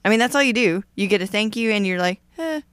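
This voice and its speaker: A woman co-hosting a podcast in casual chat, blunt and animated, swearing a lot. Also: mid-range voice, quick pace, clean tone, no room sound, clean studio sound. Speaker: podcast co-host.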